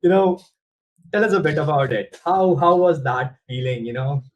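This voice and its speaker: A man hosting a podcast, asking questions in a halting, casual way and encouraging his guest with short replies. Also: a little high, highs cut off. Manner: halting, fillers, encouraging backchannels. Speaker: podcast host.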